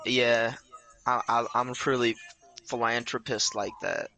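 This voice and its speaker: A man's voice: mid-range voice, little pitch movement, measured pace, pushed and bright, soft background music. A young man co-hosting a casual gaming stream, rambling through retold sketches with stammers and fillers. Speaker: co-host. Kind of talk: casual gaming commentary chat.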